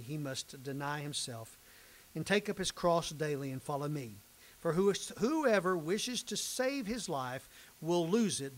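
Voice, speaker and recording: A man's voice: fairly high pitch, poor audio. An older man teaching a Bible class in a folksy, conversational way. He reads scripture, repeats phrases for emphasis and jokes with his students.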